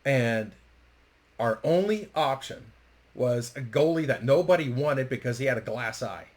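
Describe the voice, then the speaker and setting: A man with a mid-range voice tells a story casually and with lots of animation, swearing freely and acting out what people said. His pace runs a little slow.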